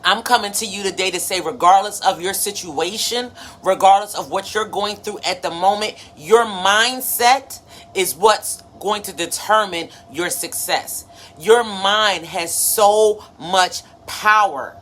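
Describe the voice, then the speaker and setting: A woman's voice: medium pitch, unhurried, a bit bright. A woman in her thirties hosting a motivational live stream, preachy and conversational, greeting viewers by name. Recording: faint background noise.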